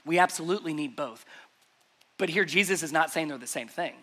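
A man's voice: fairly high pitch, a little fast, pushed and bright. A man preaching a sermon to a congregation in an emphatic, conversational way. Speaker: pastor. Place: church service before a congregation.

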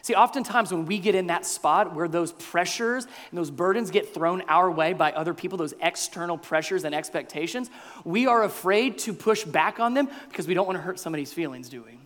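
A man preaching a sermon as pastor, animated, acting out the crowd and Jesus in quoted voices. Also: sits high, a little fast. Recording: long hall reverb.

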